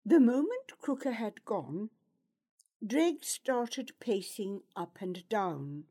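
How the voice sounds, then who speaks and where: A woman narrating an audiobook chapter in a measured storytelling manner. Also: mid-range voice, very animated, warm tone.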